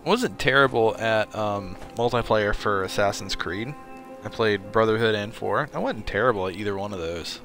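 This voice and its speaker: Offhand lowish man streaming a game. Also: moderate pace, hardly any pauses, fairly bright tone, soft background music. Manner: rambling, offhand chatter. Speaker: gameplay streamer. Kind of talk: casual gameplay commentary.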